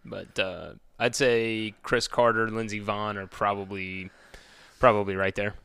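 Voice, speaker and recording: A man's voice: lowish voice, little pitch movement, a little slow, creaky, fairly bright tone, clean tone, no echo. A man co-hosting a podcast, joking and teasing in casual chat. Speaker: podcast co-host.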